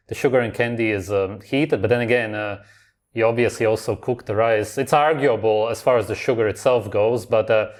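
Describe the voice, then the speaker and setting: A man hosting a reaction video, commenting on clips in a blunt, dismissive, contrarian way. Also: mid-range voice.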